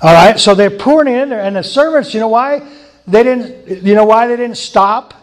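A man's voice: sits high, normal speed. A man preaching an informal sermon, conversational, with chuckling asides and emphatic repetition.

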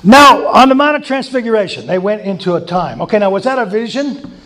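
Male preacher, high voice, casual sermon style with laughing asides and repeated emphasis. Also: lively intonation, fairly quick, a bit bright. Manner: conversational, chuckling asides, emphatic repetition. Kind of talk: informal sermon teaching.

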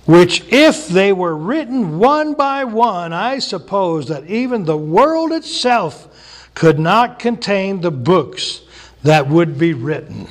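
A man preaching a sermon in a casual, folksy way, acting out the people in the Bible stories with quick voices. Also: high voice, big pitch swings. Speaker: pastor.

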